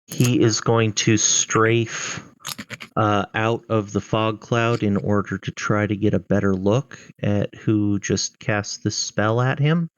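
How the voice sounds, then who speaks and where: A man narrates monster turns as dungeon master, unhurried and full of hesitations. His voice is bone-dry and a little dull, as on an online voice call. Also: on the low side, steady tone, clean tone, no echo. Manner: hesitant, many fillers. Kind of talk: narrating a tabletop game online.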